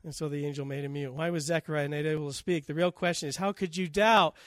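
Guy preaching, higher voice, tells bible stories and acts out the lines. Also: steady tone, fast talker, no room sound, clean studio sound. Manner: storytelling, acting out scripture quotes. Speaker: pastor. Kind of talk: sermon.

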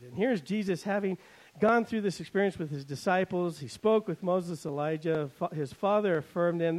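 A pastor preaching a sermon, swinging between loud emphasis and quiet asides, and paraphrasing scripture in a wry, conversational way. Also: male voice, high voice, poor audio.

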